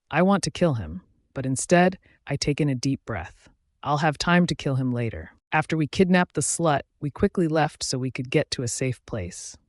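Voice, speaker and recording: A man narrating a werewolf romance audiobook in the first person, reading in a steady, dramatic way. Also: medium pitch, no echo, studio quality.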